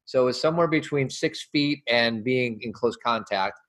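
An easygoing man speaks in a relaxed, conversational way. His tone is affectionate and unhurried as he chats with his partner and a group. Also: medium pitch. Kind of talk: casual conversational talk.

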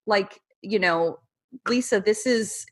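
Husky woman in candid, emotional talk. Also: medium pitch, slow pace. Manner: candid and emotional, many "like" fillers. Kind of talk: casual conversational talk to a group.

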